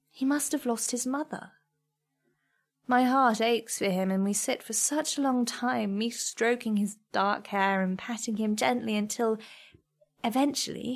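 Soft-spoken woman narrating a story. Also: a little high. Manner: soft, measured, reflective. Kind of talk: first-person story narration.

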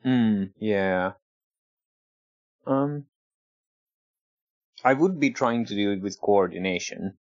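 Low-voiced man playing a tabletop game. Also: slow, pauses often, a little mellow, no echo, lo-fi sound. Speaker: player. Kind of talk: casual tabletop play.

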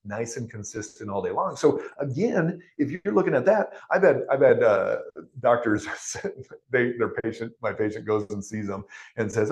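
A man's voice: mid-range voice, animated, moderate pace, darkish tone. A man, a doctor guest on a podcast interview, explaining things conversationally and chuckling between his points. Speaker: functional medicine doctor, guest.

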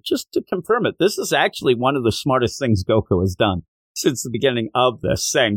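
Brief: young male podcast host, lively swooping delivery, dry close sound. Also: medium pitch, normal speed, dry recording. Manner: animated storytelling, acts out the characters' lines. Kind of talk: manga chapter recap.

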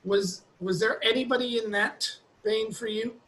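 A fellow comic interviewing a guest, relaxed, asking questions with short backchannels. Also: mid-range voice, moderate pace, a little hiss or hum, rough recording. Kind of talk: casual interview.

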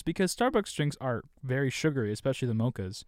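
A man's voice: mid-range voice, big pitch swings, a little fast, no echo, studio quality. A man from Southern California co-hosting a podcast, explaining himself at length in a casual, defensive chat. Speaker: podcast co-host.

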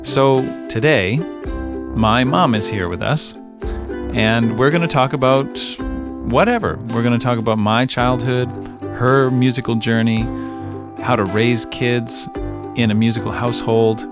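A middle-aged man with a Canadian accent, hosting a casual podcast interview in a relaxed, chatty way. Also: medium pitch, a little slow, music in the background. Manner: relaxed, chatty, with frequent ums and laughs. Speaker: podcast host.

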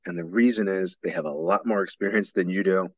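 Low-voiced man hosting an education podcast. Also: fairly even intonation, brisk, no room sound. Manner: earnest, explanatory, emphatic. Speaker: podcast host. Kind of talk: solo educational podcast talk.

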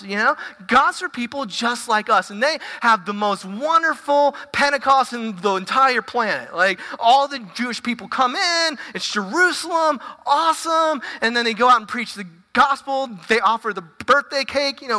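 Woman pastor, casual sermon, very bright voice, stumbling repeats, long hall reverb. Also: on the high side, moderate pace, hardly any pauses. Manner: casual, animated, stumbling repetitions.

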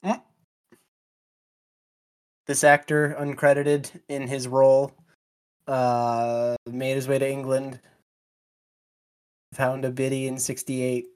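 A man co-hosts a film podcast in loose, casual conversation. He banters playfully and reacts with quick exclamations, his pitch sitting mid-range. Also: flat delivery, clean tone. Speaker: podcast co-host.

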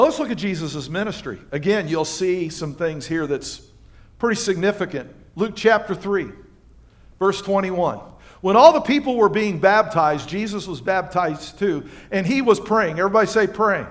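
A pastor delivers a lively sermon, shifting between scripture reading and playful asides to his congregation. His voice sits notably high for a man. He talks with a bouncing, animated energy. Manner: animated preaching with asides and quick exchanges with the congregation. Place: church livestream.

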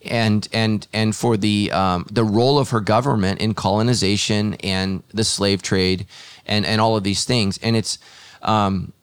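Earnest low-voiced pastor hosting a podcast. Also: male voice, fairly even intonation, unhurried, clear, resonant tone. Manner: thoughtful, earnest, with frequent fillers and restarts. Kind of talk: casual podcast conversation.

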